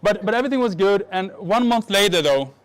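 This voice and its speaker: A man from the Middle East speaks to a live audience in a fairly high voice. He tells a personal story in an animated way, jokes at his own expense and often trips over his sentences as he goes. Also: brisk. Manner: animated, joking, self-mocking, many restarts. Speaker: speaker at a marketing event.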